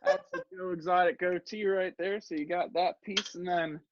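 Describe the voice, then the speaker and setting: A man's voice: high-pitched, moderate pace, lo-fi sound, background noise. A man talking as a podcast guest over a video call, casual, joking and playful, with lots of fillers. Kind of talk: casual chat.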